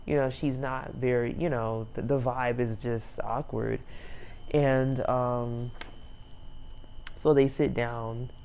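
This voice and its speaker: A woman's voice: very deep voice, fairly even intonation, takes it slowly, warm tone, slight background noise. A young woman reviewing a reality show in a rambling, casual way, laughing often and using many fillers.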